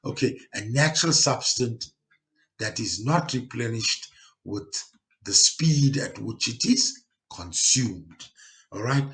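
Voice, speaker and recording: A South African male teacher talking his learners through a lesson at an unhurried, deliberate pace. He goes step by step, says key points twice for emphasis and keeps checking that the class is following. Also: lowish voice, fairly bright tone. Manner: explains step by step, with frequent tag questions to check understanding. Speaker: geography teacher.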